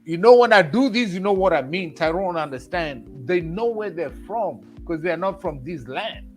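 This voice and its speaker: High-voiced Kenyan man telling stories. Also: lively intonation, normal speed, soft background music. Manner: storytelling, acts out quoted dialogue, emphatic. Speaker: panelist. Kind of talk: casual livestream discussion.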